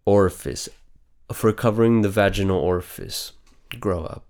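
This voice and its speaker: Male host for off-the-cuff news talk: blunt and profane, with a low, resonant voice. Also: unhurried, a little mellow, clean tone. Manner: reads headlines aloud and reacts with heavy swearing; blunt, outspoken. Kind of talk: casual news commentary.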